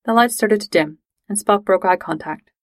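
A woman narrating a fan-fiction audiobook in a steady, even storytelling manner. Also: medium pitch, moderate pace, no room sound.

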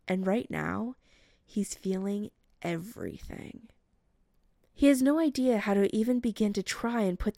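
A woman narrating a romance story as an audiobook reading, slow and even. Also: mid-range voice, vocal fry, dry recording, clean studio sound.

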